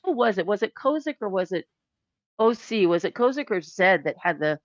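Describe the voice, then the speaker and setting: A woman's voice: mid-range voice, very animated, a little fast, no echo. Hesitant woman player, muffled mic. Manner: hesitant, restarting questions. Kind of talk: casual tabletop play.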